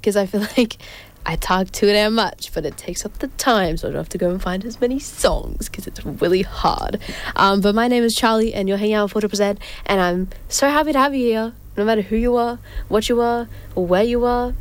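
Medium-pitched and fairly quick, the young host of a casual community radio show chats and rambles from her studio. Ums fill the gaps, and she giggles often.

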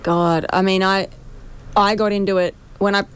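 A woman's voice: medium pitch, little pitch movement, moderate pace, clean tone. An Australian woman in her thirties or forties, an artist talking in a casual podcast chat, chatty and self-deprecating, often laughing. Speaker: artist guest. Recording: faint background noise.

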